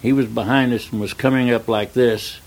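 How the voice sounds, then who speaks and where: An older man, a retired stuntman, telling a long anecdote in an interview, acting out the dialogue in plain, relaxed speech. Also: medium pitch, normal speed, vocal fry. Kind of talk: storytelling in an interview.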